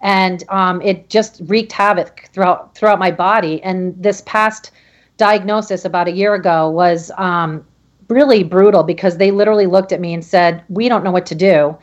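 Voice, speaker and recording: A woman guest telling her own story in halting speech, with many restarts and fillers. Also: on the low side, fairly even intonation, highs cut off. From Connecticut. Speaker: podcast guest. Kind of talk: emotional personal story.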